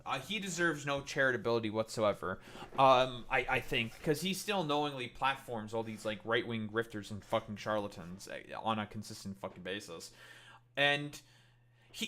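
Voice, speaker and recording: A man's voice: medium pitch, fairly bright tone. A man streaming and ranting in casual reaction commentary, swearing and mocking other people's voices.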